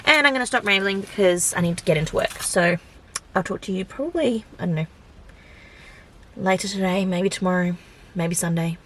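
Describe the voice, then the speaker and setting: A woman's voice: on the low side, brisk, long pauses, fairly bright tone. A young woman vlogging in a casual, rambling chat to camera, filling her talk with "like". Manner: chatty, rambling, full of "like" fillers.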